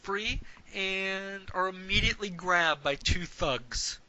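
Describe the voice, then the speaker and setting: A man's voice: sits high, slow pace, low-quality recording. A man narrating as dungeon master in a tabletop game, with plenty of hesitant fillers. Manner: animated, hesitant fillers, puts on shouted voices for figures.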